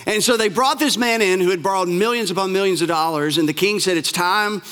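A male pastor tells a parable in a fairly high voice, stacking repeated phrases for emphasis. He slows right down on the words that matter. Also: a bit bright. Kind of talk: sermon storytelling.

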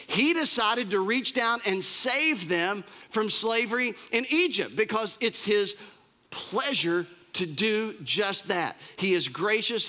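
A male pastor preaching a sermon in an animated, conversational way, with humorous asides. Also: very high voice.

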